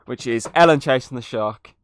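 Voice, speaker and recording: A man's voice: mid-range voice, moderate pace, dry recording, clean studio sound. A man hosting a podcast, reviewing a movie in casual chat, swearing freely and laughing at scenes. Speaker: podcast host.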